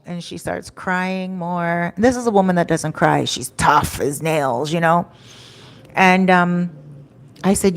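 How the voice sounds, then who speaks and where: Chatty woman telling a story, lowish voice. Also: normal speed. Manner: chatty, acts out what people said. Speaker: storytime vlogger. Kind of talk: casual storytelling to camera. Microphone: microphone.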